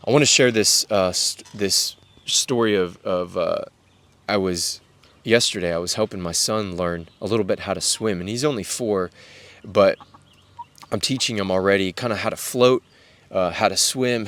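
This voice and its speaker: A man's voice: on the low side, a bit bright, dry recording. Earnest man in a dry close-miked talk. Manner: earnest, repetitive, drops to near-whisper on "guys". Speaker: Christian podcast host. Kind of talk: casual devotional talk to men.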